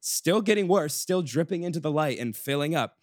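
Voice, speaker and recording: A man's voice: fairly high pitch, animated, moderate pace, dry recording, studio quality. A young man hosting a podcast, telling a long story in a casual chat with lots of swearing and restarts. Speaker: podcast host.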